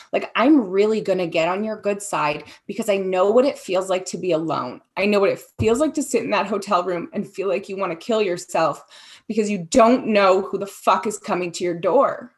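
A woman speaking candidly in an interview, talking haltingly with frequent fillers. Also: mid-range voice. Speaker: guest sharing her story. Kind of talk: personal testimony interview.

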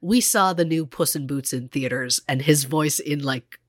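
A woman's voice: deep voice, normal speed, no echo, clean studio sound. Chatty woman podcast co-host. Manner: chatty, lots of fillers and acted-out quotes. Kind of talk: casual true crime chat.

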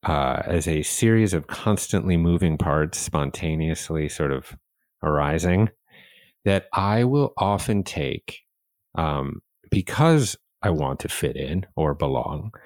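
A man hosting a podcast interview, telling stories in an animated, self-deprecating way. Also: a bass voice, slow, no echo, clean studio sound. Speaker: podcast host. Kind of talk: conversational interview.

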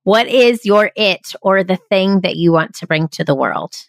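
A woman's voice: medium pitch, lively intonation, moderate pace, gravelly, no room sound, clean studio sound. A woman hosting an interview podcast, talking in an effusive, enthusiastic way. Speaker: podcast host. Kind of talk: casual interview chat.

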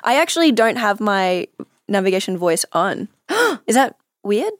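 A woman's voice: mid-range voice, big pitch swings, unhurried, background noise. A young Australian woman, a podcast guest, chatting casually and laughing at herself often. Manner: giggly, self-mocking, laughs often. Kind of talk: casual chat.

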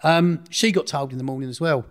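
A man's voice: a little high, fairly quick, a loud crowd. A middle-aged man, a podcast guest telling a long story in a casual, rambling way, often correcting himself and acting out what others said. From Essex, England. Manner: rambling, self-correcting, acts out others' speech. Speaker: interview guest.

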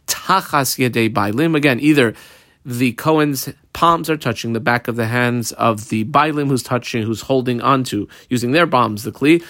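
A man's voice: mid-range voice, no room sound, clean studio sound. A man teaching a Talmud class, reading the Aramaic text aloud, explaining it in English and asking and answering his own rhetorical questions. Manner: lively, asks rhetorical questions and answers them.

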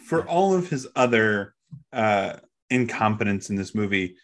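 A man's voice: lowish voice, expressive, unhurried, a bit bright. Male co-host, casual plot recap, dry and wry delivery. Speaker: podcast co-host.

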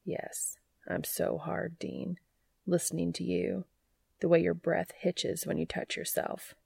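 Woman doing a hushed, breathy lover man. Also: fairly low pitch, level tone, slow, no room sound, full character voice. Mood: hushed, intimate. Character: smitten adult man, low and breathy. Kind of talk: audiobook character reading.

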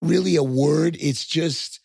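Older man, New York accent, gravelly husky voice, halting rambling podcast chat. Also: a little high, a little mellow, no echo, studio quality. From Long Island, New York. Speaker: guest, host's father.

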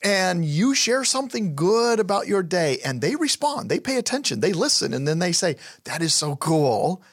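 A man's voice: high voice, very animated, moderate pace, breathy edge. A man co-hosting a podcast who explains ideas in casual conversation and often answers his co-host with short "yeah"s. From Colorado, USA. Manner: explanatory, affirming with frequent "yeah".

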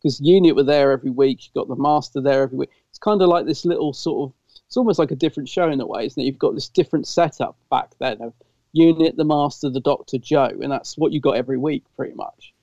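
Gravelly British man, casual fan chat. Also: medium pitch, fast talker, mellow, no echo, muffled recording. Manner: enthusiastic, rambling with restarts. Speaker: podcast co-host.

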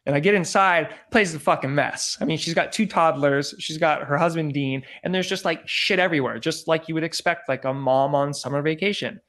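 Animated storytelling man, slightly high voice. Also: fairly quick, hardly any pauses. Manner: animated, acts out quotes, frequent "like" and swearing. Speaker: former celebrity photographer. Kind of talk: casual storytelling.

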